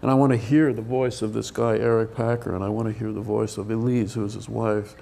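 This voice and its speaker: A man's voice: lowish voice, flat delivery, brisk, creaky, warm tone. An older man, a film director, answering questions at a press event in a rambling, hesitant way, full of restarts.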